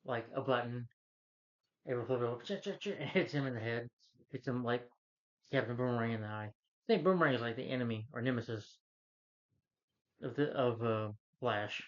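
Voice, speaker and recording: A man in a mid-pitched voice talks through a film plot in a loose, rambling way, leaning on fillers. The recording sounds dull and lo-fi. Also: a little fast, pauses often. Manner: rambling, full of fillers like "you know" and "like". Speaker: film reviewer. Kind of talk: casual spoken movie recap.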